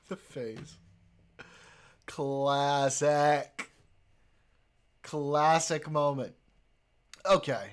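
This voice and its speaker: A man's voice: a little high, drawn-out words, long pauses, noisy background. A man streaming live, chatting casually with his viewers, joking, swearing and laughing often.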